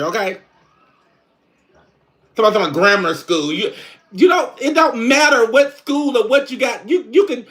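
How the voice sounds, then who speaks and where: A man's voice: extremely high pitch, fairly bright tone. A man playing a sassy middle-aged country woman, chatting in country slang on a live stream. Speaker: livestream host. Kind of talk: casual live-stream chat.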